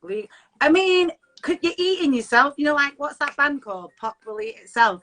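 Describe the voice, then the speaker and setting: Bright, giggly woman on a video call. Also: high-pitched, very animated, normal speed, poor audio. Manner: giggly, rambling, self-correcting. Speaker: vocalist and broadcaster, interview guest. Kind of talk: casual live-stream chat.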